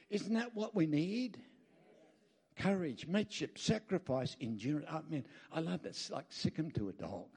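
A man's voice: high voice, darkish tone. An Australian man speaking as a guest at a church, preaching emphatically, telling folksy stories with rambling asides and calling out for amens. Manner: emphatic, calls out for amens from the crowd.

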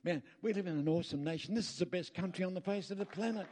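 As a guest at a church, an Australian man preaches fast and emphatically, his high voice darkish in tone over slight background noise. Folksy stories and rambling asides fill his sermon, and he calls out for amens from the crowd.

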